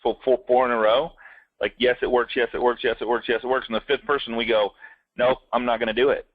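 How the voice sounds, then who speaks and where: A man in a casual business chat, spinning animated stories and putting on quick voices for the people in them. His voice sits in a middle register. The sound is dry and a little dull, like a lo-fi podcast recording. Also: mid-range voice, dry recording. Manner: animated storyteller, acts out quotes.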